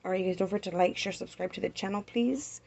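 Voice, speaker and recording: A woman's voice: mid-range voice, quick pace, creaky, a little mellow, husky. A woman giving a casual tarot reading, blunt and worked up, swearing freely as she turns the cards. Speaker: tarot reader. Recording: dull lo-fi sound with faint noise.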